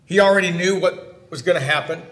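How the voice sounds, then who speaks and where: High-voiced preacher man in an echoey room. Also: a little fast. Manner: direct questions to listeners, swings between loud emphasis and hushed tones. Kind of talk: sermon.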